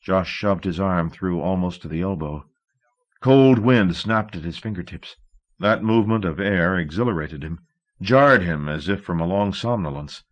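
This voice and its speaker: A man narrating a novel in a measured, steady audiobook reading. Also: deep voice, muffled recording.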